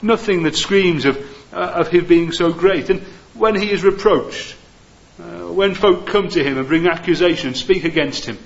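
Earnest preacher, lo-fi recording. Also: male voice, sits high, moderate pace, creaky. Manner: frequent "uh" fillers, gentle and earnest. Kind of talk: sermon.

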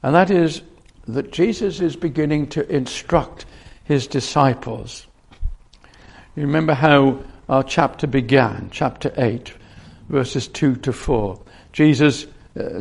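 Gravelly man preaching a sermon. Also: medium pitch, measured pace. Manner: earnest, with frequent restarts and repeated phrases.

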